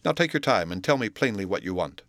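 A man reading an audiobook, voicing an alarmed, peevish middle-aged male lawyer who asks brisk, commanding questions. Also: on the low side, very animated, a bit bright, no echo, clean studio sound.

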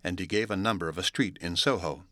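A man narrates a classic novel in a steady, measured, formal reading. His voice is on the low side with a sharp, forceful edge, and the recording is dry and close with no room sound. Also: no echo. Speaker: audiobook narrator. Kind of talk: classic novel read aloud.

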